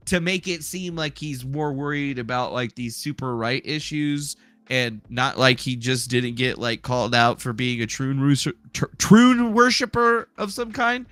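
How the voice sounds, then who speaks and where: A man's voice: medium pitch, measured pace, fairly bright tone, no room sound. A man hosting a casual commentary stream, rambling, sarcastic and profane. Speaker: streamer host.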